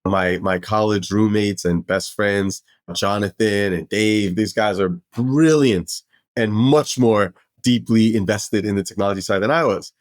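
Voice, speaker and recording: A middle-aged man from Brooklyn, a podcast guest telling his career story in an animated, expansive way with frequent restarts. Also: fairly low pitch, unhurried, dry recording. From Brooklyn, New York. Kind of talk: casual storytelling interview.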